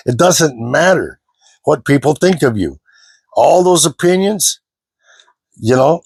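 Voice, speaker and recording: An older self-help speaker talks to the camera in a rambling, informal motivational style, repeating himself and filling pauses with "you know" and "man." His medium-pitched voice is slightly rough, and the recording is dry.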